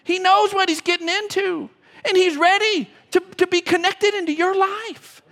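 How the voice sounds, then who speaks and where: A man preaching a sermon as pastor, emotional, swinging from loud to hushed. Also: very high-pitched, fairly even intonation, normal speed. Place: church sanctuary. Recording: long reverb of a church hall.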